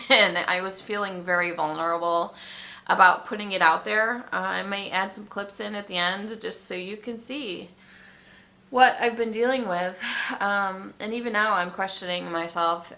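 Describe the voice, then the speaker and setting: A woman speaks in a low-set but bright voice with a gravelly edge, pausing and restarting often. She is close to tears and keeps pulling herself together as she talks. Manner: emotional, tearful, halting with many ums. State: fighting back tears. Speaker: vlogger. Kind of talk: personal vlog confession.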